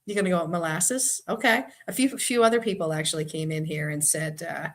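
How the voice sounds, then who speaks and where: A woman's voice: deep voice, steady tone, a little fast, hardly any pauses. Chatty woman trivia host from Boston. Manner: chatty, laughs easily, reads viewer comments aloud. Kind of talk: casual live-stream chat.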